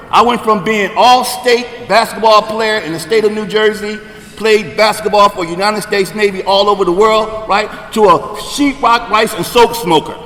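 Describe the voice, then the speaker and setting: A man in his sixties sharing his recovery story at a meeting, talking conversationally and checking in with the room, getting louder and emphatic on key points. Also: sits high, long reverb tail. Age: 60s. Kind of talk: personal recovery share.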